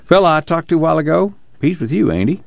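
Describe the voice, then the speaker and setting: A man voicing a steady young married mechanic with a terse rural drawl. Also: a little high, fast talker, gravelly, no room sound. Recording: dull lo-fi dry audiobook recording.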